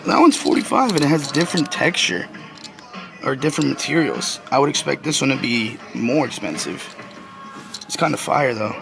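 A young man rambles in a chatty, slang-heavy vlog, excited as he browses a store. His mid-pitched voice has a gravelly edge. Clear music plays in the store behind him. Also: normal speed. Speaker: vlogger. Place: indoor retail store. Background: music playing in the store.

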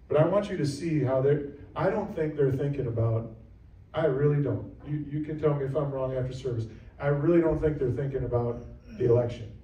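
A man preaches a sermon as a pastor, earnest and repetitive in his emphasis. His voice is mellow and warm. He is picked up from some distance away, in a roomy church with echo. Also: medium pitch, brisk. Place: church sanctuary.

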